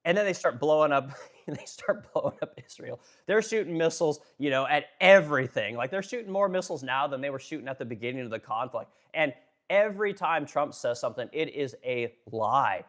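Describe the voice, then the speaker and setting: A man's voice: a little high, lively intonation, a little fast, fairly bright tone. A man hosting a casual political live stream. He talks bluntly with lots of swearing and fillers. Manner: blunt, profane, filler-heavy. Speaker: live-stream host, furniture business owner.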